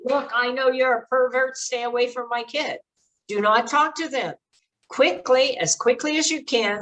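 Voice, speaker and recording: A woman's voice: mid-range voice, fairly bright tone, poor audio. An older woman giving earnest, direct advice to parents in a presentation, with frequent fillers. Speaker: speaker on child exploitation prevention.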